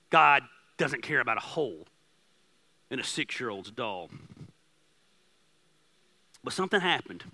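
A man in his forties preaching a sermon as pastor, impassioned and conversational, telling stories about his family with a self-deprecating touch. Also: medium pitch. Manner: impassioned, rising to near-shouting.

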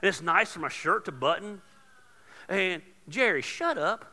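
A man preaching a sermon as pastor, casual and joking, building to loud emphatic points. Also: high voice, expressive, measured pace, big-room sound.

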